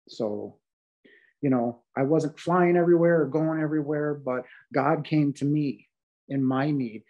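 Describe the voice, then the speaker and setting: Middle-aged man, heartfelt testimony, emphatic, fillers and restarts, dull lo-fi sound. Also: mid-range voice. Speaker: guest sharing a near-death experience. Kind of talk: earnest testimony in a podcast interview.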